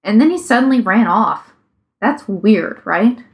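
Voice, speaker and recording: A flustered young man from a read-aloud story, put on by a woman narrator. He talks slowly and haltingly, tripping over his words. The voice sits at a middling pitch. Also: lively intonation. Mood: confused. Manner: hesitant, stammering. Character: flustered young man, oblivious best friend.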